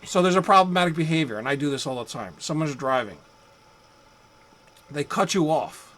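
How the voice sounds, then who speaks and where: A man's voice: on the high side, animated, moderate pace, fairly bright tone, rough recording. A man giving a psychology lecture in a loose, conversational way, with rhetorical asides and acted-out examples. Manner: conversational, rhetorical asides, acts out angry drivers. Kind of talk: recorded classroom lecture.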